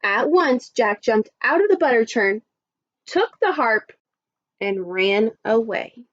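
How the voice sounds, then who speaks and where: Woman teacher reading a storybook aloud, slow and expressive, muffled recording. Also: on the high side. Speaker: primary school teacher.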